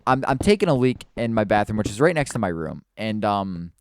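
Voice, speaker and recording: A man tells a creepy personal story as a casual storytime, half-distracted by the video game he is playing. His voice sits a little low and sounds smooth and clear. He rambles and stumbles, full of restarts and filler words. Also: big pitch swings, fairly quick, a little mellow, dry recording, clean studio sound.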